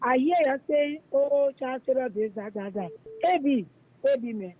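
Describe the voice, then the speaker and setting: High-pitched Liberian man ranting on phone. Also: steady tone, normal speed. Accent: Liberian English. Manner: fiery, denouncing, repetitive. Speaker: radio caller. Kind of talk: heated call-in rant. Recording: tinny phone line.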